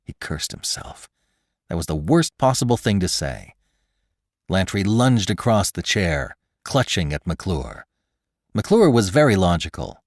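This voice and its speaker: A man narrating a story in a dramatic, expressive reading style. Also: deep voice, measured pace, no room sound. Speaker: podcast host and narrator. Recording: dry close studio sound.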